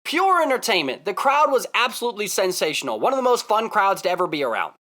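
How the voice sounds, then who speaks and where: Fast and excitable, this male vlogger addresses the camera as he tells his story. His pitch leaps around, his tone is bright and forceful, and he returns to the same point over and over with strong repeats.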